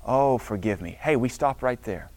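Middle-aged male pastor, emphatic preacher, medium pitch, dry close recording. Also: expressive, normal speed, a little mellow, no echo. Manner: emphatic, preacherly cadence quoting scripture. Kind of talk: sermon.

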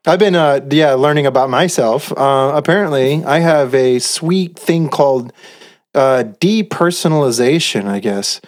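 A man's voice: medium pitch, unhurried. A man in casual chat with his father, rambling, swearing and laughing often. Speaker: son, podcast co-host.

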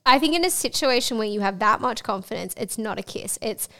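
A woman with a fairly high voice co-hosts a podcast in loose, candid chat. She giggles often and tells stories quickly, putting on voices for the people she quotes. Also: expressive, sharp tone. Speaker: podcast co-host. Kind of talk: casual chat.

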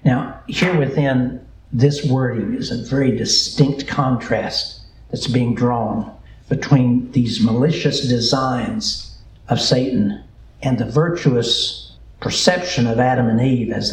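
Southern pastor, mid-pitched, unhurried drawl, echoey sanctuary with light background hum. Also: male voice. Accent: Southern American. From American South. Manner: slow, deliberate preaching with a drawl and repeated phrases. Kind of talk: sermon.

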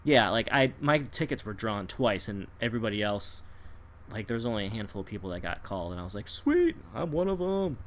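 A man's voice: fairly low pitch, fast talker. A man in casual chat telling a story with lots of energy, laughing and acting out the people in it. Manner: animated, laughs often, acts out people in quotes.

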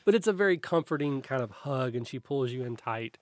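A man's voice: medium pitch, animated, fairly quick, darkish tone, dry recording. A man running a tabletop game as game master, describing scenes in a loose, rambling way with frequent restarts.

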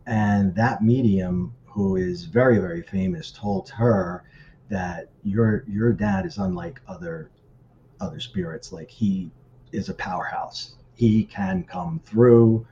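A man casually telling a personal story as a guest, animated and acting out the voices of people he quotes. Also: takes it slowly, dull audio, slight background noise. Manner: animated, acts out quoted voices with pitch shifts.

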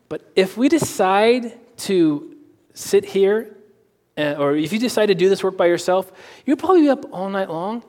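Man preaching in a reverberant hall. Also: high voice. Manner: animated, acts out dialogue in quick voices. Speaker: pastor. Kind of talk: sermon with personal anecdotes.

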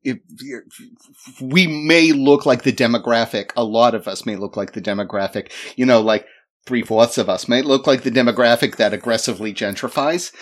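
A man's voice: medium pitch, moderate pace. A man, co-hosting a tabletop game podcast, chatty and laughing while he tells the scene. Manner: chatty, laughing, mock ad reads. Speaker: podcast co-host and player. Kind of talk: casual tabletop game chat.

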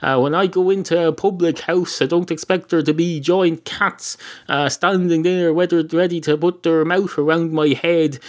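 A man's voice: fairly high pitch, fairly even intonation, normal speed, few pauses, voice pushed up, natural voice. A man playing a rambling, indignant pub barman who swears and stumbles through hesitations. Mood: flustered. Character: flustered Irish pub barman, middle-aged man.

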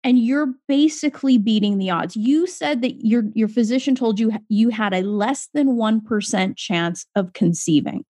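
A woman's voice: a little high, normal speed, few pauses, dark tone, dry recording, studio quality. A woman hosting an interview, reacting effusively and recapping her guest's story. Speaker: podcast host. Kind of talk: conversational interview.

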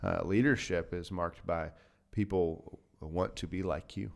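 A man co-hosts a conversational podcast in a lowish voice. He talks earnestly, often breaks off and restarts his sentences, and laughs readily with his co-host. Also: steady tone, a little slow, vocal fry. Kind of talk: casual chat.

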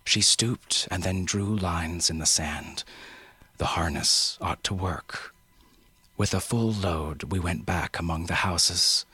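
Male story narrator, very husky, forceful delivery. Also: low voice, dry recording. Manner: measured storytelling. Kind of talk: scripted narration.

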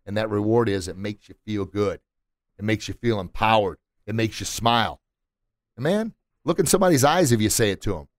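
A man's voice: fairly low pitch, animated, a little fast, dry recording. A middle-aged man hosting a motivational podcast from a recording studio, preachy and emphatic, hammering points home by repeating words. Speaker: podcast host. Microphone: studio mic.

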